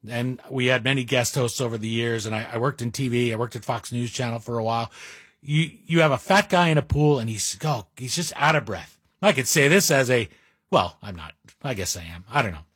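A man's voice: mid-range voice, fairly bright tone, breathy edge, no echo, studio quality. A middle-aged man guest hosting a talk radio show, speaking in a wry, self-deprecating monologue with asides. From Greek heritage. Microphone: studio mic.

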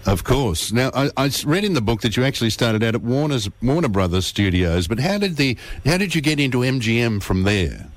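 A man's voice: medium pitch, expressive, a little fast, few pauses. A man interviewing a guest on radio, enthusiastic and full of fillers.

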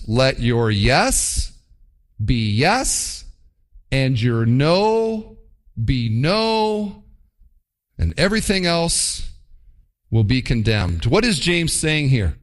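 A man delivers a sermon with an emphatic, animated delivery. His voice sits a little high for a man and swoops widely as he acts out short mock quotes. He preaches to his congregation. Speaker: pastor.

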